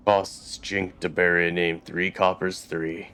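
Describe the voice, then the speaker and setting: Male actor for an eerie, vacant dustman, sing-song, very low and flat, clean smooth voice. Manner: slow, repetitive phrasing. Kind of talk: voicing game dialogue.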